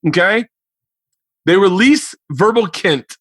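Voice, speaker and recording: A man in his forties hosts a podcast over a remote mic, speaking slowly in a high voice on a dry recording. In casual chat he tells a story as an animated storyteller, acting out quotes and swearing a lot.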